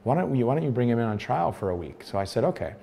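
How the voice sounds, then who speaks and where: In an interview, an American former pro soccer player in his thirties recounts his story, animatedly acting out the dialogue he quotes. His mid-range voice is creaky and racing, with slight background noise.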